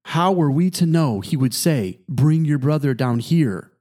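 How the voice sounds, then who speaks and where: Mellow-voiced man reading scripture. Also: fairly high pitch, expressive. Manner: measured, plain reading with light expression in quoted speech. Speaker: pastor.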